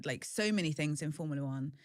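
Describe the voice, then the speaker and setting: A woman's voice: low-pitched, quick pace, no echo, studio quality. Frank, chatty woman. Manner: chatty, frank and self-deprecating. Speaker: interview guest. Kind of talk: candid conversational storytelling.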